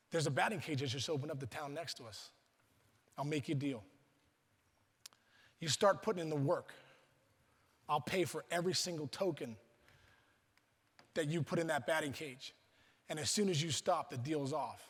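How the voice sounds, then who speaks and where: A middle-aged man from Pittsburgh, USA, is the guest speaker at a luncheon, telling stories in a voice on the high side and husky. He acts out the voices of people he quotes and often restarts his sentences, and the large banquet hall makes the recording reverberant.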